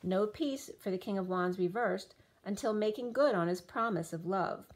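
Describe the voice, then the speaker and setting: A tarot reader, her mid-range voice at a normal speed, drifts dreamily through a spiritual reading and drops rhyming asides along the way. Her voice is starting to give out.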